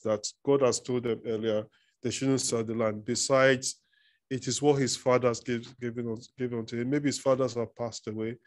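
A man's voice: medium pitch, darkish tone. Man preaching a conversational sermon. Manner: conversational teaching, reads scripture aloud, repeats words. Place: church.

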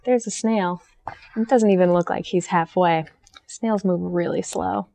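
A young woman who works as a children's librarian, reading a picture book aloud in a friendly, gentle, teacher-like way. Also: lowish voice, steady tone, unhurried, creaky. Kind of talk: storytime read-aloud for children.

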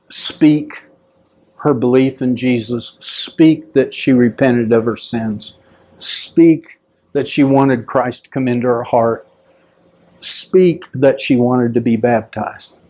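A man's voice: steady tone, slow pace, pauses often, a little mellow. A middle-aged male pastor, preaching conversationally and acting out the people in his story. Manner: conversational, acts out quoted voices with rising pitch. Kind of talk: storytelling sermon.

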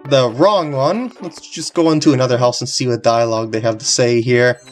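A woman's voice: rumbling low, fairly quick. A woman casually commenting over a video game walkthrough, rambling and giggling. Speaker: gameplay commentator. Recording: faint game music behind.

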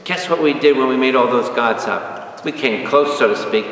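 A man, a priest, teaching a lively Bible study and quizzing his audience, recorded from a distance in a large room. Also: mid-range voice, moderate pace. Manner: asks the audience questions, spells out words, animated. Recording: echoey hall from far off.

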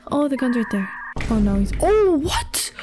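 A woman giving casual, excitable commentary over her own gameplay, laughing and exclaiming often. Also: high voice, measured pace, music in the background. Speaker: gaming YouTuber.

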